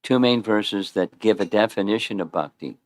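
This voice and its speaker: A man's voice: fairly low pitch, normal speed, no room sound. A man giving an informal scripture class in a temple, chatty, quizzing his listeners and often restarting his sentences. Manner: conversational, quizzes the audience, repeats and restarts. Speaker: spiritual teacher giving a class.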